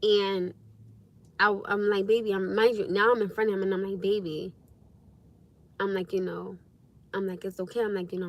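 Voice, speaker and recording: A young woman hosting a casual livestream, telling stories to her viewers in a lively, expressive way with frequent laughs. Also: medium pitch, normal speed, long pauses. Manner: animated storytelling, laughs often, acts out her own past speech. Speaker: livestream host.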